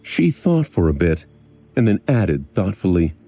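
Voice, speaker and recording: A male narrator reading a fantasy audiobook with a low, husky voice. His tone is dark and mellow, and his delivery is measured and even. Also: soft background music. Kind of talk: scripted narration.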